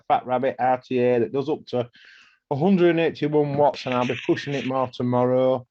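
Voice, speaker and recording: A man in a casual online group chat, slowly listing his gear with pauses. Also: medium pitch. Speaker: podcast co-host. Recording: dull lo-fi call audio.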